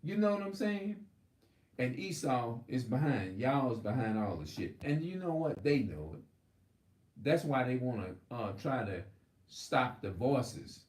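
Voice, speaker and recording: A man's voice: medium pitch, animated, a little slow, darkish tone, reverberant. A man preaching in a rambling, heated, profane monologue. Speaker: religious video host.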